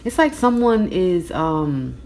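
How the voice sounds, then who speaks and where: Slow, low-voiced woman reading tarot. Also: very animated, a little hiss or hum. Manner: slow, musing, with soft mm-hmms. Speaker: tarot reader. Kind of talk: spoken tarot reading to camera. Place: indoors at home, windows closed.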